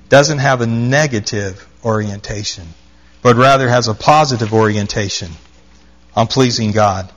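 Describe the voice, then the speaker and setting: A man's voice: mid-range voice, unhurried, lo-fi sound. A man preaching a sermon, reading scripture aloud and stressing his points by repeating key phrases. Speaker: pastor.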